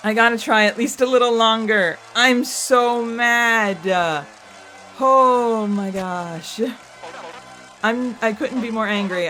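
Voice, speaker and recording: A woman's voice: a little high, slow, music in the background. A young woman playing through a video game on her channel, exasperated at herself and rambling through theories. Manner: exasperated, self-scolding outbursts and rambling theorizing. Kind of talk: let's play commentary.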